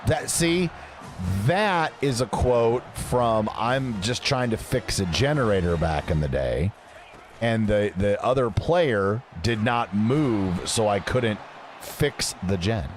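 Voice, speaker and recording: A man streaming a sports video game, talking to his chat in an unhurried, easygoing way. His pitch swings up and down a lot as he jokes around and reads messages aloud. Faint music plays underneath. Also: expressive. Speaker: gaming streamer. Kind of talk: casual live-stream chat while gaming.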